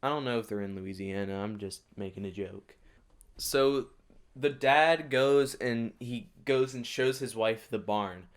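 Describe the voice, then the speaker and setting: A man hosting a reaction video, giving casual comedic commentary with excitable, sarcastic asides. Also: mid-range voice, unhurried, clean tone.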